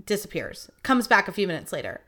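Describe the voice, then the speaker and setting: A woman's voice: medium pitch, very animated, quick pace, fairly bright tone. A young woman hosting a podcast, telling stories in a chatty, profane, casual monologue. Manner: chatty, profane, acts out quoted voices. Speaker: podcast host.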